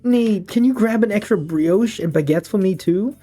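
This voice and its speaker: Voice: mid-range voice, normal speed, warm tone, pitched above the performer's own voice, close to an everyday voice. A streamer voicing a cheerful, breezy young woman loaded with pastries. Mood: chirpy. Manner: breezy and chatty.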